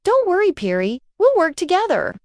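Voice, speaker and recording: A woman's voice: very high-pitched, wildly swooping pitch, normal speed, a little mellow, dry recording, pitched above the performer's own voice, heavily acted. A woman voicing a friendly, encouraging male apple character from a children's story. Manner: upbeat and encouraging.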